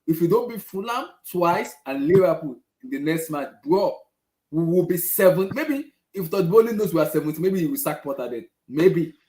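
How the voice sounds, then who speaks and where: A man's voice: a little high, lively intonation, normal speed, a little mellow. A man hosting a football fan show, talking in a frustrated, repetitive way. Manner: exasperated, repeats himself. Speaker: football fan channel host. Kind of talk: casual fan rant. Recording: echoey room.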